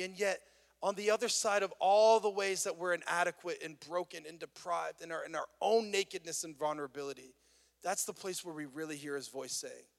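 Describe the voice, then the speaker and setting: A man's voice: high voice, fairly quick, vocal fry, fairly bright tone. A man, a pastor, preaching a conversational and earnest sermon. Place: worship venue. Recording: long reverb of a church hall.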